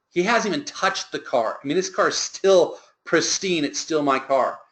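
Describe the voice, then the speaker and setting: A man's voice: on the high side, normal speed, hardly any pauses, a bit bright. A man working as a sales trainer, telling an earnest, emphatic motivational story.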